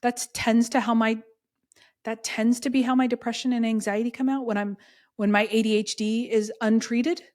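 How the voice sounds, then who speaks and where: A woman's voice: fairly high pitch, steady tone, moderate pace, a little mellow. A woman hosting a solo podcast, talking candidly and coaching listeners directly, often checking in with "right?". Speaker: podcast host. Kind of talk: casual solo podcast talk.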